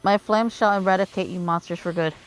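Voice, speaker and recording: A woman's voice: mid-range voice, a little fast, slight background noise, close to an everyday voice. A woman reading the lines of an obsessed adult male villain mage, with grandiose, vengeful declarations.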